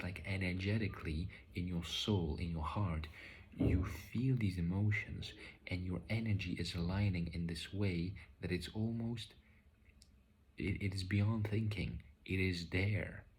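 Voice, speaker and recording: A man calmly recounting a spiritual experience, often half-whispering, with many fillers and restarts. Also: sits low, breathy edge. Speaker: vlogger recounting a spiritual session. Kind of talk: reflective personal account.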